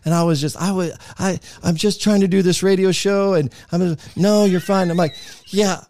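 A man's voice: high-pitched, fairly quick, no room sound. A man hosting a podcast in a studio, telling a story casually and acting out quotes in a raised voice. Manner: animated, acts out quotes in a raised voice. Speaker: podcast host, former radio personality.

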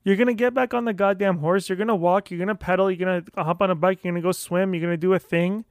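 A man's voice: sits high, fairly even intonation, fast, no room sound, clean studio sound. A man hosting his own podcast, delivering a profane, fired-up pep talk to himself in a monologue, often stumbling over and repeating words as he pushes on. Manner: profane, fired-up self-motivating rant; repeats and restarts words when worked up. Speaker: podcast host.

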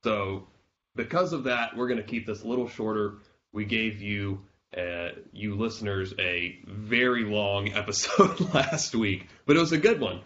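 A man hosting a podcast, hoarse and congested from a cold, chatting casually and laughing now and then. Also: lowish voice, a little slow, a bit bright, dull audio. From South Carolina. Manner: chatty, self-deprecating, laughs often. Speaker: podcast host.

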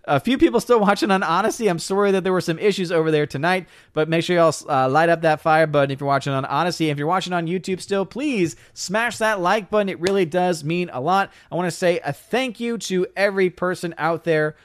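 A lively man hosting a casual livestream, reading viewer comments and firing back quick jokes. His voice sits a bit high and comes through smooth and clear, with a close, dry sound. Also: no room sound. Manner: animated, jokey, reads comments aloud with quick reactions. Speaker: livestream host reading chat. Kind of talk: casual live-stream chat.

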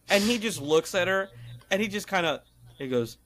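A man's voice: sits high, sing-song, normal speed, fairly bright tone, no echo. A man chatting casually as a podcast guest over a video call, rambling with lots of fillers and restarts. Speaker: podcast guest, tribute performer. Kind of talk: casual chat.

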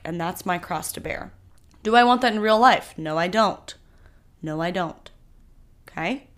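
A young woman hosting a solo podcast, talking candidly and animatedly, her voice swinging between loud bursts and soft asides. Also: medium pitch. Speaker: podcast host.

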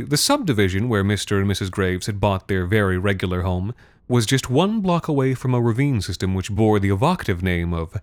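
A man's voice: on the low side, no room sound. A man narrating a darkly comic story in a wry, theatrical manner. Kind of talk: scripted narration.

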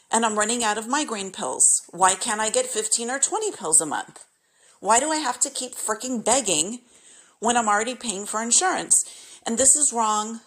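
A woman's voice: mid-range voice, a bit bright. Exasperated middle-aged woman venting. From California, United States. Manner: exasperated, emphatic, repetitive complaints. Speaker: podcast host. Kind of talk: frustrated personal rant.

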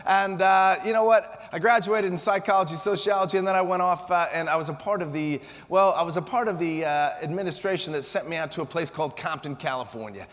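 An American man in his forties giving a humorous, energetic motivational keynote to a live audience, telling punchy, joking stories. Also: high voice, fast talker, few pauses. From Colorado, USA. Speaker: motivational speaker. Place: conference hall before an audience. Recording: long reverb of a conference hall.

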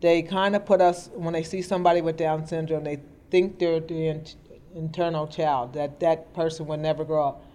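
A woman's voice: sits low, little pitch movement, moderate pace, dark tone. A middle-aged woman telling her life story in an interview, earnest and plainspoken. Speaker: guest. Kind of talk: personal storytelling in conversation. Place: indoor interview. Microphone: podcast mic.

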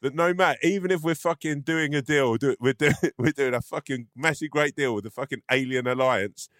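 A man's voice: medium pitch, fairly quick, fairly bright tone, dry recording, studio quality. A man co-hosting a podcast, laughing often and swearing freely in casual comedic chat. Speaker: podcast co-host.

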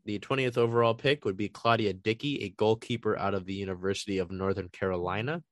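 A man's voice: lowish voice, fairly even intonation, fast, no room sound. A man giving a casual solo recap of soccer trades, talking through his thoughts with frequent ums and uhs. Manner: conversational, frequent ums and uhs, thinking aloud.

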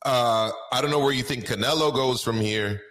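A man co-hosts a laid-back boxing talk show, drawing out names in a sing-song way to stress them. His voice is medium-pitched and a bit bright, at a moderate pace, in a room with an echo.

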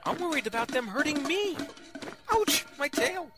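A man voicing a jittery, fussy male rabbit doctor who talks high and fast. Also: sing-song, over music. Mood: panicky.

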